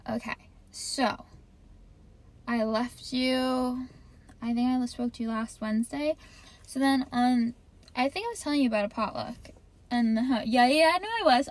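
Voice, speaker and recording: A young woman hosting her podcast from her parked car, talking in a rambling, easily distracted way and swearing freely. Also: a little high. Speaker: podcast host. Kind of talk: casual rambling chat.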